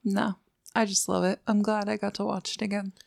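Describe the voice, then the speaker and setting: A woman's voice: mid-range voice, little pitch movement, a little fast, creaky, darkish tone. A woman co-hosting a movie podcast, giggling often in casual chat. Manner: giggly, sings snatches of songs. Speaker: podcast co-host.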